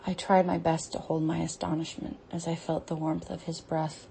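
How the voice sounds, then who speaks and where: A young woman performing an intimate audio role-play, reading a story aloud in a halting, breathy voice that often drops to a whisper. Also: sits low, level tone, warm tone, a little hiss or hum.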